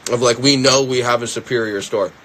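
A man's voice: mid-range voice, fairly even intonation, a little fast, sharp tone, a little hiss or hum. Laid-back Philadelphia man rambling on a livestream. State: stuffy sinuses. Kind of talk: casual livestream chat.

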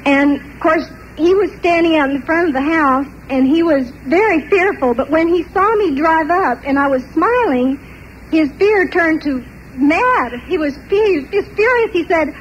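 An older woman telling a personal story in an animated way, often laughing between parts of it. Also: very high voice, moderate pace, highs cut off, slight background noise. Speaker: testimony speaker.

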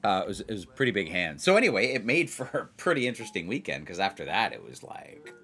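Man, blackjack host, casual chatter, excitable, repeats himself, lively pitch. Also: quick pace, slightly rough, faint music behind. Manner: excitable, repeats himself, addresses viewers as players. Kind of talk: casual chat while playing blackjack.

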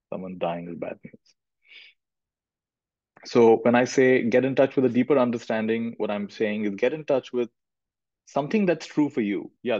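A middle-aged man with a low voice leads a reflective spiritual session, gentle and thoughtful, often circling back on his phrases. His voice sounds dry and close. The recording is dull and lo-fi. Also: dry recording. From India. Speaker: spiritual teacher.

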